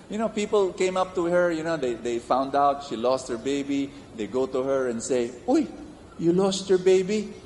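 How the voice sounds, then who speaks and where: A middle-aged Filipino man preaching a sermon, telling stories and joking with the congregation in a lively, playful way. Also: moderate pace. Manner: animated storytelling with swooping pitch, playful jokes to the congregation. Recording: echoey hall, faint room noise.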